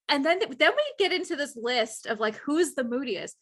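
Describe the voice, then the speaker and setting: Bright high-voiced woman telling work stories. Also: brisk, hardly any pauses. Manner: animated storyteller, swears freely. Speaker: podcast guest. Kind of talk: casual chat.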